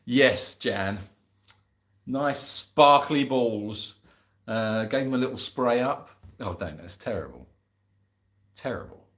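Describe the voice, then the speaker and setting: A man's voice: medium pitch, animated, takes it slowly, long pauses, a bit bright. An English man hosting a casual live question-and-answer chat for an animal sanctuary, rambling and laughing at himself as he reads out viewer messages. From England. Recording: roomy echo.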